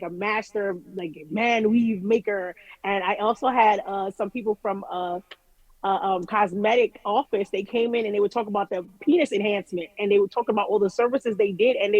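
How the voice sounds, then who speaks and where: Woman guest, animated storyteller, dull dry recording. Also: medium pitch, dry recording. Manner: animated, restarts often, swears freely. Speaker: guest artist. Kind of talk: casual interview storytelling.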